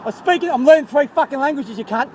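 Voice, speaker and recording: A man's voice: extremely high pitch, fast, darkish tone, a little hiss or hum. An irate man with an Australian accent, arguing with police at the roadside and swearing heavily. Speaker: motorist stopped by police. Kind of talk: heated roadside argument. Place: outdoors by a road.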